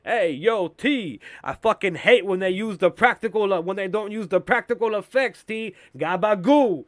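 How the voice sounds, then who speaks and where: A man's voice: high-pitched, moderate pace, dry recording, clean studio sound, pitched above the performer's own voice, lightly acted. A man doing an angry Italian mobster. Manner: brash, profane, clipped mob slang. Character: angry male Italian-American mobster podcaster.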